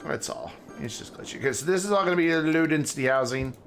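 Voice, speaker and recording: A man's voice: on the high side, lively intonation, fairly quick, a bit bright, faint music behind. A man streaming a city-building game, joking and rambling as he thinks aloud. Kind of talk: casual gameplay commentary.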